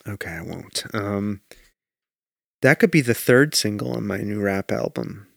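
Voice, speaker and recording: A man co-hosting a podcast in casual chat, joking deadpan and bickering playfully. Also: lowish voice, unhurried, vocal fry, no echo, clean studio sound. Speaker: podcast co-host.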